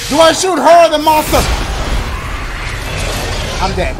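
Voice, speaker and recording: A young man giving excitable, loud running commentary while playing a video game, swearing freely. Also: very high-pitched, unhurried. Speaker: gaming let's-play host. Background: game music.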